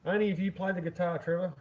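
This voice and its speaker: A man's voice: sits high, fairly even intonation, brisk. A man chatting casually on a live stream, rambling and chuckling with lots of fillers. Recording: dull lo-fi with faint noise.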